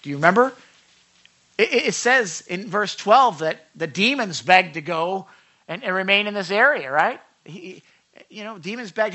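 Bright-voiced male pastor preaching. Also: high voice, normal speed. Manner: conversational, asks the congregation questions; acts out quoted lines with lively voices. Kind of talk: sermon.

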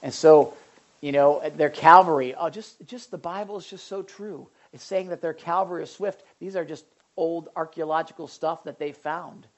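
Brief: energetic pastor mid-sermon, mid-range voice, repeats for emphasis. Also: medium pitch, moderate pace. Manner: animated, repetitive emphasis with restarts. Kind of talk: sermon with Bible reading.

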